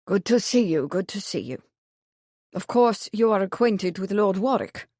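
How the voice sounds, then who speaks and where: A woman doing a deep, guttural royal man with a German accent. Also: expressive, normal speed, darkish tone, no echo, clean studio sound, close to an everyday voice. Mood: genial, stern.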